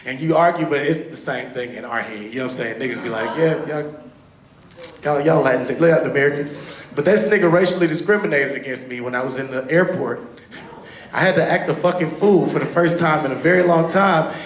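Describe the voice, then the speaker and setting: A man from Texas doing a stand-up comedy set on a club stage, talking loud and animated, swearing a lot and acting out what people said. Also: on the high side, fast talker. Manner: loud, animated, profane, acts out quotes. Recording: roomy club recording.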